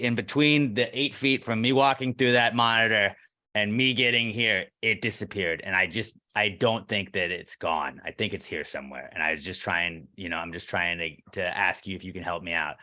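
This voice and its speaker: Podcast co-host, man, bright forceful voice, ranty storyteller who acts out every line. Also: on the low side. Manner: ranting, acts out quoted dialogue, swears freely. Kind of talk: casual storytelling chat.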